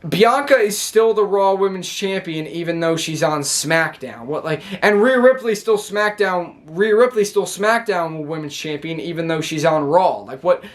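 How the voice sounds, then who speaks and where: High-voiced man rambling through a recap. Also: normal speed, hardly any pauses. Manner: rambling, many restarts and fillers. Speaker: wrestling show reviewer. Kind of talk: casual recap vlog.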